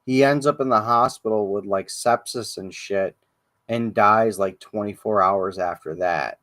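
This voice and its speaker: A man's voice: lowish voice, a little slow, a bit bright. A man hosting a casual livestream, rambling and swearing with lots of fillers and restarts. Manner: rambling, profane, many fillers. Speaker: podcast host.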